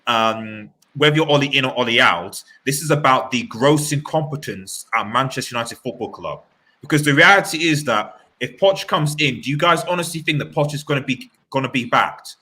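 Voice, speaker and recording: A man hosting a live-stream football chat, talking in an animated, rambling way with many restarts. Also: mid-range voice, brisk. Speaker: fan channel host.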